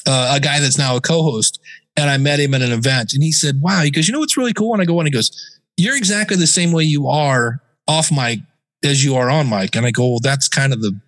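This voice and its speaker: A man as a podcast guest, telling stories in a casual, animated way and sometimes mimicking other voices. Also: medium pitch, brisk. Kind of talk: casual interview talk.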